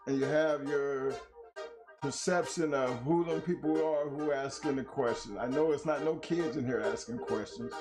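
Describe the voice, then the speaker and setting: A man hosting a casual talk show, hoarse from losing his voice, explaining his points at length in a laid-back, slangy way. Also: fairly high pitch. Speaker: host. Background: music.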